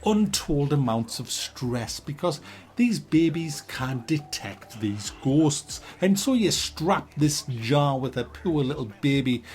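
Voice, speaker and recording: A man's voice: on the high side, lively intonation, slow, few pauses, darkish tone. Sarcastic sweary man reviewing a game. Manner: mock-serious, sweary, sarcastic.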